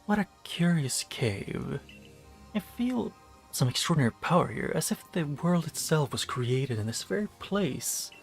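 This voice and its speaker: A man doing a slow, awestruck explorer. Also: on the high side, big pitch swings, creaky, soft background music, pitched above the performer's own voice, full character voice. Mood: awed.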